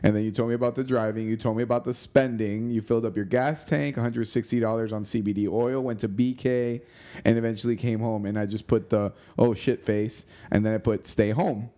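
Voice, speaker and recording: A man's voice: medium pitch, fairly even intonation, brisk, warm tone. A man chatting casually as host, easygoing, swearing now and then and often saying "you know.". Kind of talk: casual chat.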